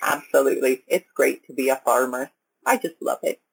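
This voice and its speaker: A woman from the United States hosts a casual podcast, upbeat and talking directly to her listeners. Her voice is a little husky with a gravelly edge. The sound is close and dry. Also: rumbling low, brisk, no echo. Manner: chatty and upbeat, speaks straight to listeners. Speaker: podcast host. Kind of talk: casual podcast interview and sign-off.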